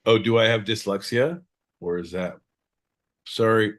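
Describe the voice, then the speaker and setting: A man co-hosting a podcast, joking loudly, interrupting and swearing, with sudden jumps in pitch. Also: measured pace, pauses often, a little hiss or hum. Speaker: podcast co-host. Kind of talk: rowdy comedic banter.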